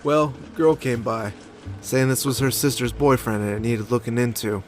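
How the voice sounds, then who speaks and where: A man narrates in a first-person noir style as a weary, gruff detective, his voice mid-pitched and grumbling. He curses casually. Music plays clearly under him. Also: fairly even intonation, moderate pace. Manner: world-weary, gruff, cursing.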